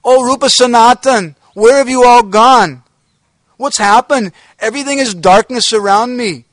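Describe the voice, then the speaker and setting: A man's voice: extremely high pitch, a little slow, fairly bright tone, no echo, pitched above the performer's own voice, rough recording. A man voicing a grief-stricken male devotee who cries out in anguished, pleading calls. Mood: anguished wailing.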